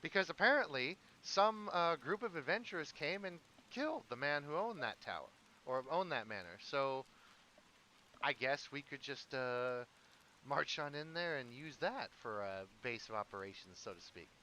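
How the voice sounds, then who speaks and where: A man voicing an easygoing male townsfolk leader who rambles with fillers, pitched above his own voice. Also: expressive, moderate pace, sharp tone, slight background noise. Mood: upbeat.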